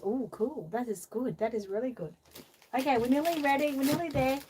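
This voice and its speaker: An Australian woman with a high-sitting, brisk, dark and husky voice hosts a casual live stream. She reads viewer comments aloud, laughs often, and coaxes a doll in a fond sing-song voice as the vlog host.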